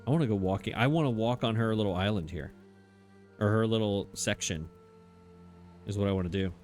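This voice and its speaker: A man's voice: on the low side, a little fast, darkish tone, soft background music. A man giving casual, self-mocking commentary as he plays a game, chatting and laughing at himself as he goes. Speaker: let's play host.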